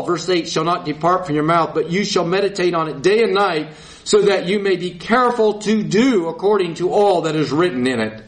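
A man preaches a sermon, reading scripture and leading the congregation in call-and-response, throwing in folksy asides. He has a high voice, and the recording is low quality.

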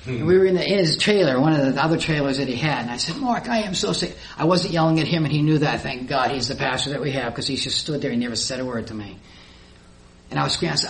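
A middle-aged woman giving a personal testimony in a church hall, telling her story with lively acted-out dialogue. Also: extremely low pitch, fast. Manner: animated storyteller who acts out her own past dialogue. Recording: roomy echo, faint background noise.

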